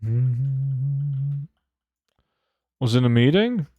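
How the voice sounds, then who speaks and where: A man's voice: mid-range voice, extremely slow, no echo, phone-quality sound. A man chatting casually on a live stream, swearing often and joking as he answers his chat. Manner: swears a lot, joking and laid-back, reacts to chat. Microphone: desk microphone.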